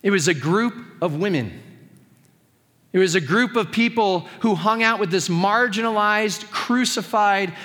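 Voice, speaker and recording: A man's voice: high voice, measured pace, fairly bright tone, long reverb tail. A man preaching a sermon as pastor, conversational and earnest with touches of humor.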